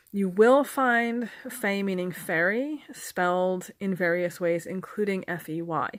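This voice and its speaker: A woman's voice: on the low side, fairly bright tone, no echo. A woman giving a casual spoken lesson to camera, chatty, with frequent ums, self-corrections and dry humor, recorded in a small indoor room on a camera mic. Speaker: video lecturer on folklore. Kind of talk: casual explanatory talk to camera.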